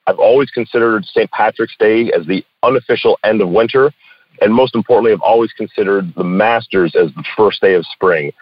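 A male podcast host with a lowish voice asks friendly, joking questions. The recording is dry and a bit dull, like a lo-fi podcast. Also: a little fast, no echo. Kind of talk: casual interview chat.

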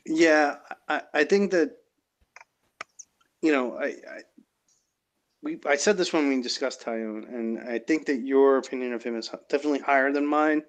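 Male podcast host, measured, steers the conversation. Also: mid-range voice. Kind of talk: casual podcast chat.

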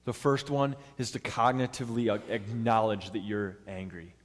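A man's voice: on the low side, fairly even intonation, normal speed. Man preaching in a reverberant hall. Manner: earnest, step-by-step teaching with acted-out quotes. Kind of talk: sermon.

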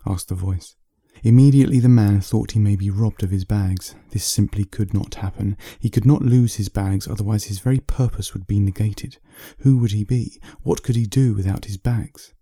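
A man from the UK, an author reading his own bedtime story in a slow, steady way. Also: lowish voice, husky, no room sound, studio quality.

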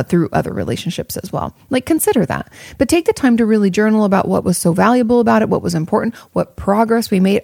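A woman therapist answers viewer questions with casual, frank advice, thinking aloud with lots of fillers and the occasional swear word. Her fairly low voice is creaky and darkish in tone. The recording is clean studio sound with no echo.

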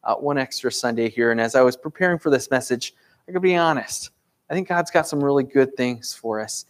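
A man in his thirties, a pastor preaching a conversational sermon in a church, earnest and full of rhetorical questions. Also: mid-range voice. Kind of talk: sermon with prayer.

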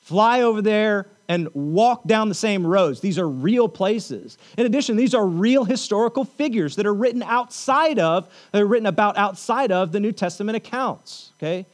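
A man with a notably high voice preaching in a church. His delivery is loose and conversational, with frequent check-ins to the congregation and playful joking asides. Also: expressive, normal speed, few pauses. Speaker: pastor. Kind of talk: sermon.

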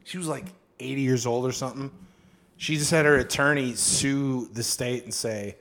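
A young man on a podcast, talking in a relaxed, rambling way. He swears freely and fills his sentences with "like" and "um". His voice sits in the middle range for a man. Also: medium pitch, normal speed. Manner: loose and profane, full of fillers, acts out quotes. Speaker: podcast co-host. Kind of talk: casual chat.

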